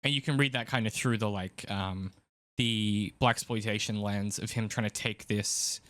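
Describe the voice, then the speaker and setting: A man hosts a casual film podcast, thinking aloud and rambling with plenty of filler words. His voice is on the low side and fairly bright, with fairly even intonation and a normal pace.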